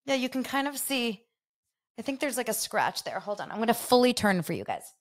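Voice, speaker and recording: Woman host gabbing casually, super expressive pitch, lots of likes. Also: brisk. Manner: animated, rambling storytelling full of fillers. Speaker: podcast host. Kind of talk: casual chat.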